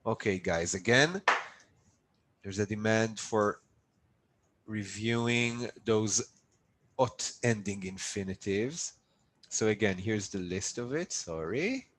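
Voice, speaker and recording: A man's voice: fairly low pitch, takes it slowly, long pauses, fairly bright tone, low-quality recording. A man teaching a live online language lesson, upbeat and coaxing his students to repeat drills after him over a video call. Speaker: Hebrew teacher.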